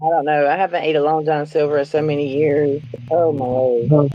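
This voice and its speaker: A woman's voice: sits low, flat delivery, a little fast, lo-fi sound, a little hiss or hum. A woman, reacting expressively in a casual chat. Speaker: co-host.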